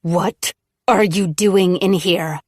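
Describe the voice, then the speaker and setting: A woman's voice: on the low side, fairly even intonation, slow, a little mellow, no room sound, clean studio sound. A woman voicing a volatile, unhinged woman, menacing and mock-sobbing in a storybook.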